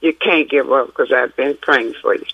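A woman's voice: rumbling low, normal speed, vocal fry, muffled recording. A woman calling in to a radio show who speaks in an earnest, prayerful way. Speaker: caller. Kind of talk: call-in radio talk.

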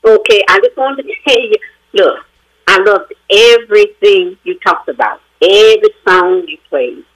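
A woman's voice: mid-range voice, measured pace, fairly bright tone, poor audio. A woman calling in to a radio show, speaking in a heartfelt, effusive way and fighting back tears. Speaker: caller. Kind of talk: call-in radio talk.

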